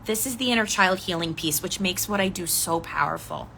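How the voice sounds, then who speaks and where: A woman speaking as a decluttering coach in a live coaching talk, gently guiding listeners through reflection and answering their comments. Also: on the low side, a little fast, creaky, a little hiss or hum. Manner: gentle, inviting, reads viewer comments aloud.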